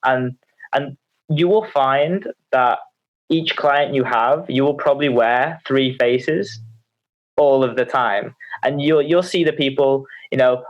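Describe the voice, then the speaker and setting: A man talks casually about coaching, circling back and restarting his sentences as he goes. His voice sits at an ordinary pitch. The recording is a little muffled. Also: takes it slowly. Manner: animated, repetitive storytelling with many restarts. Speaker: online fitness coach. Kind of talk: casual podcast chat. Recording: slightly muffled audio.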